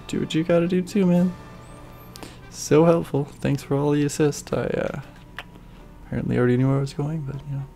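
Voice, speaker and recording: A woman's voice: rumbling low, creaky, darkish tone. A woman streaming a video game, chatting casually with sarcastic asides. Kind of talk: casual gameplay commentary.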